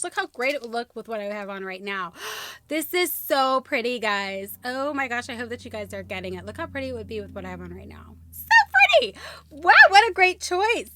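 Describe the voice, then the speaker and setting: Bubbly high-voiced woman gushing over gifts. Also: sharp tone, slight background noise. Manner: gushing, squealing with delight. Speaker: YouTube host unboxing a gift box. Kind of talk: bubbly unboxing vlog.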